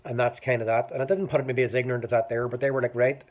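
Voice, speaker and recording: A Northern Irish man in his forties talks straight to the camera, rambling through a personal story with frequent restarts and a swear word here and there. His voice sits at an ordinary middle pitch. The sound is thin and tinny, like a phone line. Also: steady tone, very fast. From Northern Ireland. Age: 40s. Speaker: vlogger. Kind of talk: casual personal monologue.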